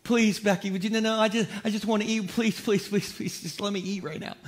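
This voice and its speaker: A man voicing a hungry disciple who whines and pleads over and over, low and soft. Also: steady tone, a little fast, natural voice. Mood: pleading. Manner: whiny, pleading, repeating himself.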